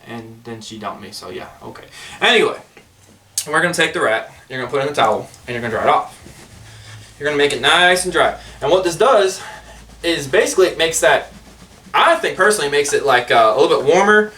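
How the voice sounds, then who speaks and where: Casual vlogger, man, rambling and jokey, fairly high bright voice, off-mic with faint hiss. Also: expressive, fast talker, far from the mic. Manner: rambling, chatty, jokey asides. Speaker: pet snake vlogger. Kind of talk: casual how-to vlog.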